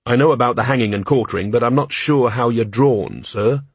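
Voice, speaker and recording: An earnest, cheerful young guard captain, as a man reads him, polite and eager to explain. The voice carries a husky grain and sounds close and dry. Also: medium pitch, a little fast, no room sound.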